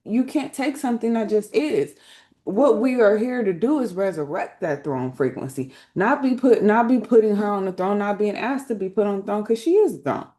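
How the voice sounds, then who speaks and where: A woman's voice: medium pitch, moderate pace, mellow. A woman teaching spiritual lore through tarot cards in a casual, emphatic way, speaking colloquially and often checking in with her listeners. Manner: colloquial, slangy phrasing.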